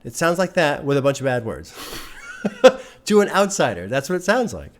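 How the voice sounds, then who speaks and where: A man's voice: a little high, wildly swooping pitch, moderate pace. A man who runs a music reaction channel, talking casually to his viewers in an earnest, rambling way and repeating phrases for emphasis. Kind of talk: casual talk to camera.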